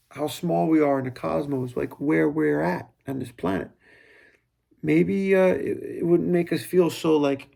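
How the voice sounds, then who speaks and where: Gravelly rambling man musing aloud. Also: medium pitch, darkish tone. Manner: rambling, self-interrupting, quotes his own thoughts aloud. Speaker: vlogger. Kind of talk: casual reflective monologue.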